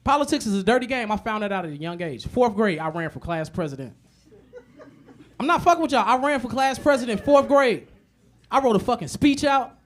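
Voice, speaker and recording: A man performs stand-up comedy in a fairly high voice. His animated, profane stories are full of repetition, and he drops into low, muttered asides before hitting loud punchlines.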